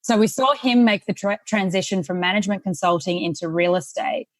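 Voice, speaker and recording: An Australian woman in her thirties tells her story as a podcast guest, friendly and quick to laugh. Her voice sits at a middle pitch and sounds dry and close. She talks in a relaxed, conversational way. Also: no room sound. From Sydney, Australia. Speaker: guest, real estate investor. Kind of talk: casual interview conversation.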